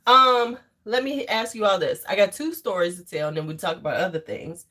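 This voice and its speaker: A woman's voice: medium pitch, brisk, noisy background. A woman hosting a casual livestream, rambling between topics, laughing often and chatting with her viewers. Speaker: livestream host.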